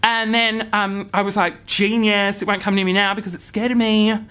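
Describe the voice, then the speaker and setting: A young man vlogging a comic story to camera, acting out his own panic with hushed whispers, swearing and sudden shouts. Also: sits high, little pitch movement, fairly quick, clean tone.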